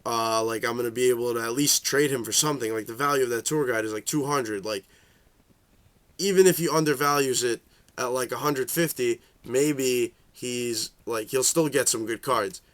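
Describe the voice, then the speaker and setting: A young man giving a casual, rambling rant about trading cards, swearing a lot and filling gaps with "like" and "uh". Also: normal speed. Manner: profane, rambling, full of fillers; shifts into high voices for quoted reactions. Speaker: card game vlogger.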